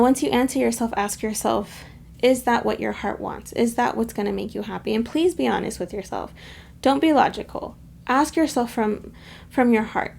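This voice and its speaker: A woman's voice: fairly high pitch, vocal fry, a little mellow, slight background noise. A woman giving a casual pick-a-card tarot reading, chatty and gushing, with lots of fillers and affectionate asides. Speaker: tarot reader.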